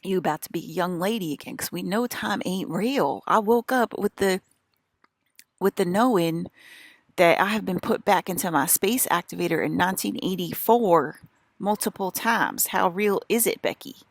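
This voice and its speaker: A woman's voice: on the low side, moderate pace, dry recording. A woman with an American country accent, rambling in an agitated, profane and repetitive monologue as a vlogger.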